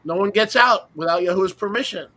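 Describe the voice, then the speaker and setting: A man's voice: high voice, fast talker, bright, forceful tone. A man leading a roundtable Bible teaching, speaking emphatically with rhetorical questions and mocking asides while sharing his screen.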